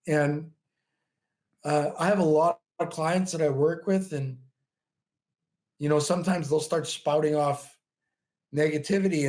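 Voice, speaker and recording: On a podcast, a man in his fifties who coaches bodybuilding chats animatedly through his stories. His voice is on the high side, his speech is full of "you know," and he laughs frequently in this casual interview.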